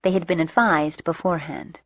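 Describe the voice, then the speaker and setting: A woman reading an audiobook in a lowish voice, steady and a touch wry. The sound is dull, dry and lo-fi, with no room around it. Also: fairly quick, no echo. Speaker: audiobook narrator. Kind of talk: audiobook narration.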